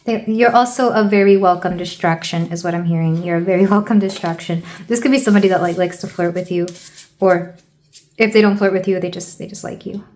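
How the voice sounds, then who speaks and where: A woman from the United States giving a casual tarot reading, rambling and thinking aloud with soft fillers. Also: fairly low pitch, steady tone, fairly quick, echoey room. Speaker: tarot reader.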